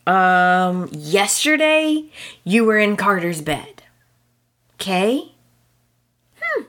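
Bright-voiced, unhurried gossipy woman. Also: mid-range voice, big pitch swings. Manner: gossipy, exasperated, talks straight to listeners. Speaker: podcast host. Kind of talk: casual soap opera recap.

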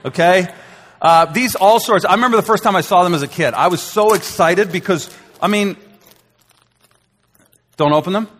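Animated man preaching in a reverberant hall. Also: high voice, normal speed, pauses often, a little hiss or hum. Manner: animated storytelling, acts out crowd reactions. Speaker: pastor. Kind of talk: sermon. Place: church hall.

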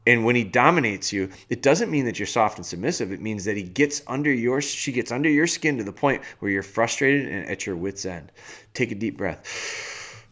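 A man hosting a dog-training podcast, delivering a blunt, animated rant in a casual way. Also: mid-range voice. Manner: blunt, animated, firm and fast-talking. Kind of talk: casual ranting monologue.

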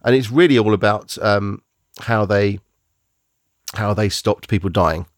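A man's voice: fairly low pitch, unhurried, no echo, clean studio sound. A man hosting a podcast, reviewing films in casual, rambling chat, often restarting and searching for words.

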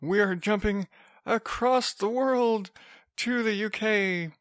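A man's voice: sits high, slow, fairly bright tone, no echo, studio quality. A man hosting a casual solo podcast, rambling with restarts and sarcastic asides. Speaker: podcast host.

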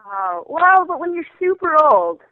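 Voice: high-pitched, big pitch swings, measured pace, dry recording. A podcast co-host in casual chat, teasing playfully. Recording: tinny phone line.

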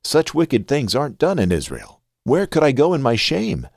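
Man doing young woman, pleading, urgent, raised pitch, scripture reading. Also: huge pitch swings, moderate pace, gravelly, a little mellow, no room sound, studio quality, full character voice.

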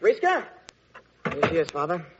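An actor playing an embarrassed young prince in an old radio play, hesitant and apologetic. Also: male voice, fairly high pitch, huge pitch swings, moderate pace, background noise. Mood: awkward. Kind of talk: 1940s radio acting. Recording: muffled old radio recording.

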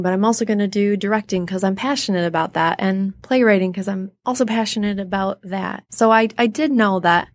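Speaking as an interview guest, this theater artist in her thirties has a middling, gravelly voice and shares stories casually and with lots of animation. Whenever she quotes someone, she performs their voice. The recording is dry and close-miked.

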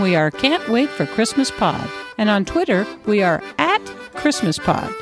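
A woman hosting a podcast, reading the closing credits in a brisk, upbeat way. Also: a little high. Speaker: podcast host. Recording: music playing behind the voice.

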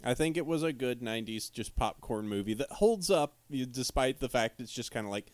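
A man's voice: mid-range voice, expressive, a little fast, no echo. A man co-hosting a casual podcast, reading forum posts aloud and laughing along. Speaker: podcast co-host. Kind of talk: casual chat.

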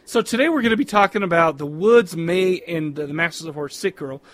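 A man's voice: fairly high pitch, a little fast, fairly bright tone. A man co-hosting a podcast, chatting casually and joking around, calling his co-host "dude.". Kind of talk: casual chat.

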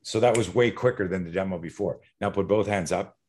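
A middle-aged man, a self-defense instructor, talking as a podcast guest in an animated, profane way, acting out fight scenarios. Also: sits low, brisk.

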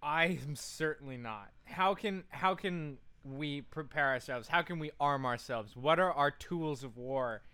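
A man's voice: a little high, unhurried, few pauses, sharp tone, clear, resonant tone. A man co-hosting a comedy podcast, reacting with shocked exclamations and jokes. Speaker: podcast co-host. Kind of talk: comedic chat.

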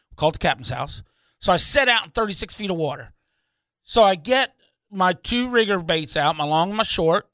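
High, bright male voice; charter captain spinning a fishing tale on a talk show, rambling, animated, dry close studio sound. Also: no room sound. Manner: rambling, animated, restarts with "anyhow". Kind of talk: casual radio storytelling.

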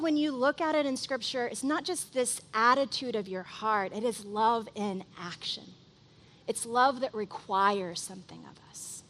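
A woman delivers a sermon in a high, bright voice. She talks conversationally and with animation, often saying "like," as if chatting with her congregation. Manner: conversational and animated, heavy use of "like". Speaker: pastor.

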